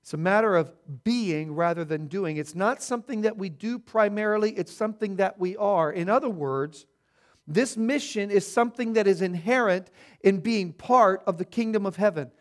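Male pastor, higher voice, emphatic sermon delivery with repeated key words. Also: normal speed.

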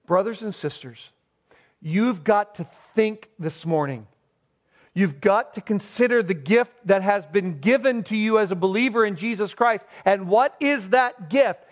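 A man's voice: high voice, a little slow. A man preaching an expository sermon as pastor. He speaks emphatically and poses rhetorical questions to his listeners. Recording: dull lo-fi recording.

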